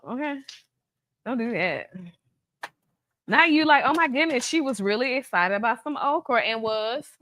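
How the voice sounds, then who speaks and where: A woman's voice: a little high, bright, forceful tone. Chatty woman hosting a cooking demo. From Atlanta, USA. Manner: chatty, playful, teasing asides to viewers. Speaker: cooking show host, baker. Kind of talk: casual live cooking demo.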